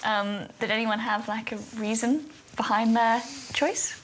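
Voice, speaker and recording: A woman's voice: a little high, a little slow, fairly bright tone, a little hiss or hum, rough recording. A woman hosting a dinner party, chatting nervously and self-deprecatingly. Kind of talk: casual chat at a dinner table. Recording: clattering cutlery and dishes behind.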